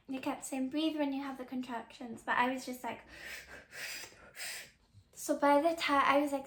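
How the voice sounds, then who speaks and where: A young woman hosting a podcast, telling a personal story in a casual, chatty way, full of "like" fillers and soft confiding asides. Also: high voice, echoey room. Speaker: podcast host.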